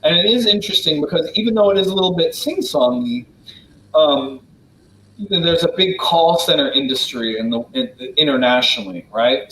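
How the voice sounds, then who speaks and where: An American man from Wisconsin answering questions in a relaxed, casual way, with many fillers and restarts. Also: a little high, roomy sound, a little hiss or hum, rough recording. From Wisconsin, United States. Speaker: guest diplomat answering questions. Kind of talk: casual spoken Q&A.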